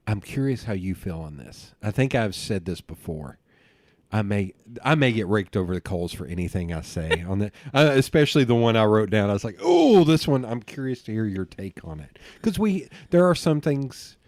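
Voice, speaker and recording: A man hosting a casual podcast interview. He rambles excitedly from one tangent to the next. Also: on the low side, moderate pace, no echo. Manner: rambling, excitable storyteller who jumps between tangents. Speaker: podcast host.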